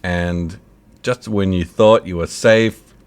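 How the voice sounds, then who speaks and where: A jokey man co-hosting a homemade radio show. He talks at an unhurried pace in a lowish voice, laughing often and sometimes slipping into a mock announcer tone. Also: steady tone, clear, resonant tone. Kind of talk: casual banter on an online radio show.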